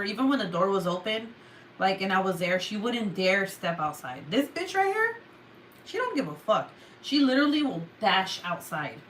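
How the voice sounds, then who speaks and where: With some slight background noise, a young adult woman with a mid-range voice vlogs a story to her viewers. Her retelling is animated and full of swearing, punctuated by loud reenacted outbursts.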